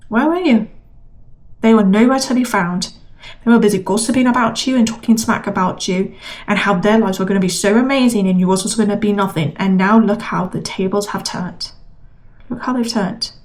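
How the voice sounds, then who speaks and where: A woman's voice: medium pitch, a little mellow. Emphatic woman giving a tarot reading. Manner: emphatic, repetitive, encouraging. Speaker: tarot reader. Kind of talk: collective tarot reading to camera.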